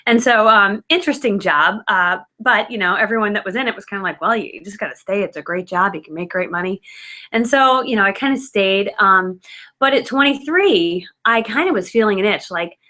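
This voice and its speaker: A woman's voice: mid-range voice, expressive, brisk, pushed and bright. A woman in her thirties telling her own story in casual, filler-heavy chat, self-mocking and loose. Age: 30s. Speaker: guest speaker.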